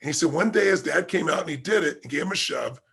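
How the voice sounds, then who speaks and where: A man's voice: fairly high pitch, expressive, fast, gravelly, sharp tone, husky. A man being interviewed as a guest, telling a story vividly and acting out the quoted dialogue. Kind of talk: animated anecdotal storytelling.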